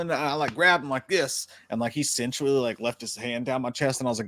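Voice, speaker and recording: A man's voice: mid-range voice, steady tone, quick pace, few pauses, fairly bright tone. A man co-hosting a livestream, musing loosely with crude jokes and lots of fillers. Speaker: livestream co-host. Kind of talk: casual comedic banter.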